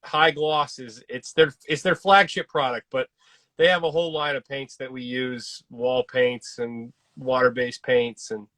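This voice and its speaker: A man from Kansas hosting a casual podcast, talking eagerly and quickly with casual slang. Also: medium pitch, fairly even intonation, fairly bright tone, no echo. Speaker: podcast host.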